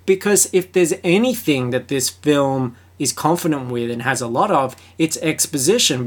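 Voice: medium pitch, expressive, normal speed, hardly any pauses. An Australian podcaster talks through a film on their own show, in loose, sarcastic commentary. They swear freely and keep slipping into jokey, overexcited asides. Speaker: podcast host.

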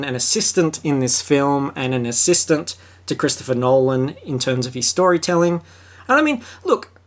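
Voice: medium pitch, a bit bright. An Australian podcaster talks through a film on their own show, in loose, sarcastic commentary. They swear freely and keep slipping into jokey, overexcited asides. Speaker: podcast host.

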